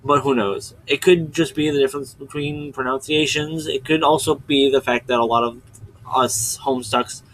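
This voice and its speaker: A man's voice: mid-range voice, fairly bright tone, slight background noise, poor audio. A man hosting his own video channel, giving a casual, rambling recap and often stopping to correct himself. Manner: chatty, digressive, often stops to correct himself. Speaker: video host summarizing a webcomic.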